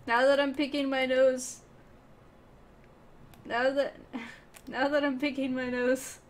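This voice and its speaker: Giggly high-voiced young woman streamer. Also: flat delivery, slow. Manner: giggly, playful, talks to chat and teammates. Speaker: gaming streamer. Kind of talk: casual gameplay commentary.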